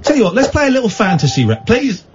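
A man's voice: high voice, sing-song, background noise. A man hosting a late-night radio phone-in, joking and teasing callers. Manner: jokey, teasing, quick to interrupt. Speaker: radio host. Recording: dull lo-fi radio broadcast.

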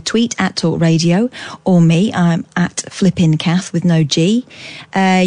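British woman radio host, chatty and jokey, lowish voice, dry studio sound. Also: mellow, no echo. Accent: British English. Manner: chatty and jokey, storytelling with playful asides. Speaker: late-night radio phone-in host. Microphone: studio microphone.

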